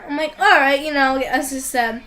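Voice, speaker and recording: A woman's voice: high-pitched, fairly even intonation, moderate pace, bright, forceful tone, rough recording. A woman casually recapping an anime, rambling with many fillers and restarts and sounding incredulous. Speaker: vlogger reviewing an anime.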